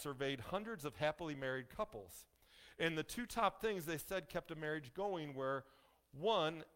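Male pastor, slightly high voice, folksy sermon delivery with jokes to the pews, leans on key lines. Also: a bit bright, clean tone. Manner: folksy, joking asides to the congregation; emphatic, slows down on key phrases.

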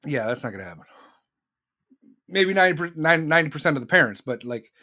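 A man's voice: a little high, expressive, fairly quick, sharp tone. A man hosting a podcast, ranting in a blunt, profane monologue and repeating lines for emphasis. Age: adult with children. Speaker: podcast host.

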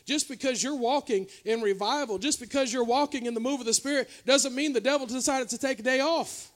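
A man with a very high-pitched voice preaches a revival sermon. He moves between loud, urgent exhortation and soft, confiding asides, talking straight to the congregation like a pastor among friends. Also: brisk. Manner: preaching with shifting loudness, from shouting highs to quiet confessional lows. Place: church revival service.

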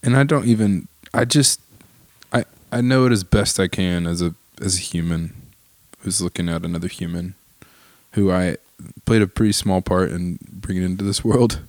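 A man in his thirties, a pastor, chatting casually, warm and chuckling with frequent restarts. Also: low-pitched, normal speed, dry recording. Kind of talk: casual podcast chat.

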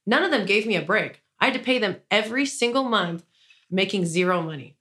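A woman's voice: medium pitch, animated, brisk, pushed and bright. Woman, business owner, interview guest; loose rambling storyteller, indignant undertone. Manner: rambling, frequent "like" and restarts, indignant.

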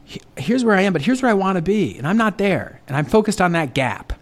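A man's voice: high-pitched, sing-song, fairly quick. A man hosting a podcast, chatting eagerly and conversationally with his guest. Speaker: podcast host. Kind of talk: casual interview chat.

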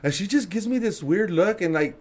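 A man's voice: high-pitched, expressive, fairly quick. Man, podcast guest, casual storytelling, profane, laughing, does voices for the people in his story. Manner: laughing, profane, acts out quotes.

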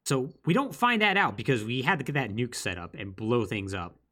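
A man co-hosting a podcast recaps a game's plot in casual conversation. His pitch swings widely as he tells the story, full of quick asides and bursts of energy. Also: very animated, pushed and bright. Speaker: podcast co-host. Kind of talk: casual chat recapping a video game.

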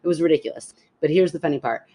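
A woman's voice: low-pitched, rapid-fire. A woman, a podcast co-host telling a story in casual chat and laughing as she talks. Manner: animated storyteller, laughs while talking.

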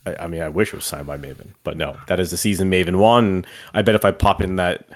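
A man's voice: deep voice, steady tone, fast. A man co-hosting a podcast, chatting casually and enthusiastically, rambling a little and swearing freely. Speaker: podcast co-host. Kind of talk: casual chat.

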